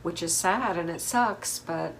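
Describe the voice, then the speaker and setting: A woman's voice: fairly low pitch, unhurried, slight background noise, rough recording. Chatty woman recapping reality TV. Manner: chatty and opinionated, with many fillers. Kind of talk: casual recap commentary.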